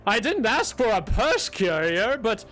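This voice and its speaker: A man voicing a gullible, gushing noblewoman in a falsetto. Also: big pitch swings, a little slow, a bit bright, soft background music, exaggerated voice. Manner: shrill, effusive falsetto.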